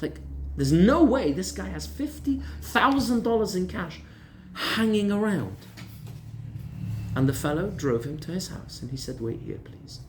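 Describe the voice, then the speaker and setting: A male rabbi telling a story in a lunchtime Torah class, animated and conversational. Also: sits high, a little slow, a little hiss or hum. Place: lecture room in Gibraltar.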